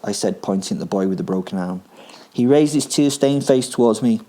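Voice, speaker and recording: A man's voice: fairly low pitch, a little fast, warm tone. A man reading his own first-person story, gleefully menacing and darkly amused.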